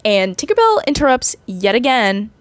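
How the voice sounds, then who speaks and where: Chatty woman in her twenties, higher voice, dry close mic, rambling recap delivery. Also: big pitch swings, moderate pace, dry recording. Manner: rambling, chatty, lots of fillers. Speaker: vlogger. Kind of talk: casual movie recap.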